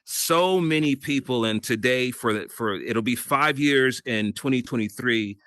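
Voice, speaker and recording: A middle-aged man sits as a guest and tells how he built a career in radio and voiceover. His voice is bright and forward, and he stays animated, laughing through the story. The sound is close and dry. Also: medium pitch, a little slow, no echo. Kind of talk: casual interview storytelling.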